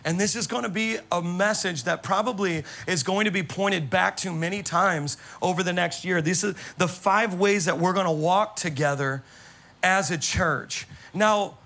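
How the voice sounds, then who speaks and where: Male pastor, sermon, animated storytelling, slightly high voice, gravelly fry. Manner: animated, exclamatory storyteller addressing the congregation. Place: church service.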